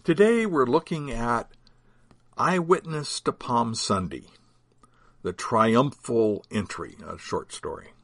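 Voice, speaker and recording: A male pastor telling a scripted short story. His voice is husky and mid-pitched, with a very animated melody. The sound is dry and up close. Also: takes it slowly, dry recording. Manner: expressive, prayerful storyteller.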